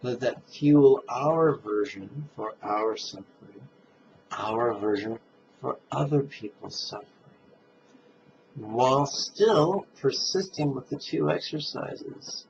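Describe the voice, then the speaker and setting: A man leading a guided meditation, speaking calmly and drawing out his recitations. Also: medium pitch, gravelly. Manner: slow, calm, drawn-out recitation. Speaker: meditation teacher. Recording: dull lo-fi sound with faint noise.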